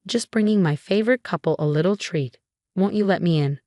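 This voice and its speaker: A woman voicing a scheming, condescending older mother-in-law with a saccharine, disdainful manner, in a low, dry read. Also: fairly quick, warm tone, no room sound, lightly acted. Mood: sugary menacing.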